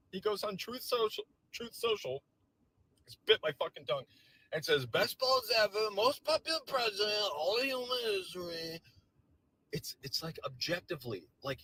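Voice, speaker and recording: A visibly agitated political commentator delivers a heated, sarcastic, profane rant to camera. His voice is a little high, a bit bright and husky, and the audio is poor.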